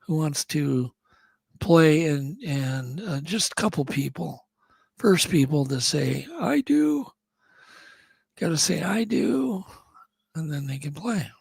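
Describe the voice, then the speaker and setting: A man's voice: on the high side, measured pace, gravelly, husky, no echo. A man co-hosting a casual talk radio show, chatty and laughing often, fighting a cough from a cold. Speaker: co-host.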